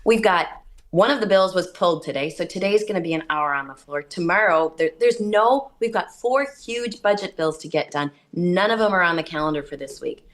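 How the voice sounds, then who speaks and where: Female politician guest, chatty storyteller, somewhat low voice. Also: expressive, fairly quick. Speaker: state senator, guest. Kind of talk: casual radio interview.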